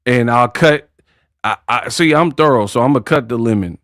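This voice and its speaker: A man's voice: mid-range voice, moderate pace, no echo, clean studio sound. Slangy man ranting on a livestream. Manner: animated, mocking, slangy. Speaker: boxing commentary livestream host. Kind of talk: casual livestream rant.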